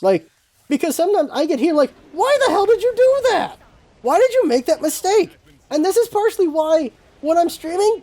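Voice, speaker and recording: A woman's voice: fairly high pitch, dark tone. A woman talking casually in a solo gaming vlog, blunt and emphatic, repeating phrases to drive her points home. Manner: frank and blunt, with mild swearing. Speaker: gaming vlogger.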